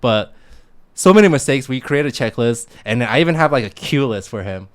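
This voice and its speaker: A man guesting on a podcast in casual chat, relaxed, laughing often and swearing. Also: medium pitch, brisk.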